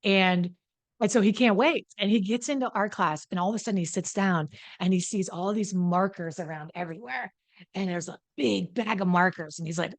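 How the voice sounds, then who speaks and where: A woman host tells a story in a chatty, animated way, often repeating her words. Her voice sits at a middling pitch. The recording is dry and close. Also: moderate pace, no room sound. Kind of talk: casual storytelling talk.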